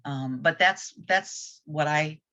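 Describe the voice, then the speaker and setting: Low, bright-toned candid woman. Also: slow pace. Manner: candid, reflective, plain-spoken. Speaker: group discussion participant. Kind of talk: casual group chat. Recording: dull lo-fi audio.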